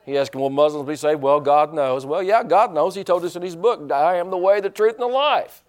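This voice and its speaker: A man's voice: on the high side, a little fast. A man preaching a sermon in a folksy, joking way, restarting his sentences often. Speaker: pastor.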